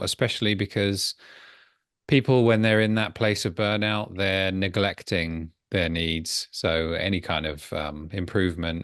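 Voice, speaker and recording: A man's voice: low voice, fairly bright tone, no room sound, clean studio sound. A man hosting a podcast interview, polite and appreciative, with some hesitant phrasing. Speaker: podcast host. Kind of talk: interview questions.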